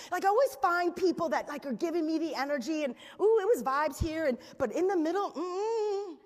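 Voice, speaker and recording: A woman giving a motivational stage talk, telling stories in an animated, chatty way to a live audience. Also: high-pitched. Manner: animated storytelling, chatty fillers. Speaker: keynote speaker. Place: large hall with live audience. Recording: reverberant hall.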